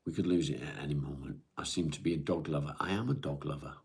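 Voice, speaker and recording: A middle-aged man hosting a live stream, chatting in a weary, halting way with many restarts. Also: a bass voice, vocal fry, darkish tone, husky. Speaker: live-stream host reading viewer comments. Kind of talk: casual chat.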